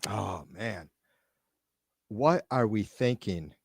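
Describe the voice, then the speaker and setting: A man's voice: on the low side, lively intonation, extremely slow, breathy edge, dry recording, clean studio sound. A man hosting a live stream, reading viewer comments aloud and ranting with frequent profanity and irritation. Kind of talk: casual live-stream rant. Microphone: computer mic on a live stream.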